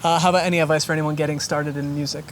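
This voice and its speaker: Brisk interviewer firing quick questions. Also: medium pitch, flat delivery, slight background noise.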